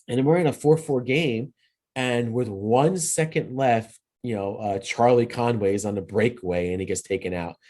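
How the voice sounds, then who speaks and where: A man's voice: on the low side, darkish tone. A man hosting a podcast, giving a casual solo movie review. He rambles, retells scenes loosely with many restarts, and speaks in an earnest, sentimental way. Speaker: podcast host.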